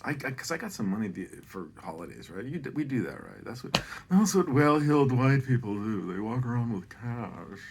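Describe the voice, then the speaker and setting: A man's voice: medium pitch, big pitch swings, fairly quick, creaky, slight background noise. A middle-aged man telling a holiday story in a rambling, profane, self-deprecating way, often drifting off on tangents.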